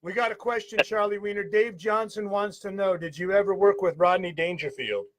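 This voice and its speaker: Man in his thirties, show host, high-pitched, casual and profane. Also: steady tone, a little fast, a bit bright. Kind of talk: casual chat.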